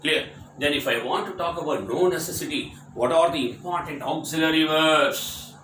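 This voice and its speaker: A man gives a grammar lecture on English, drilling short example sentences over and over with emphatic repetition. His fairly high, somewhat bright voice moves at a moderate pace, caught on a distant mic in an echoey room with a little hiss or hum.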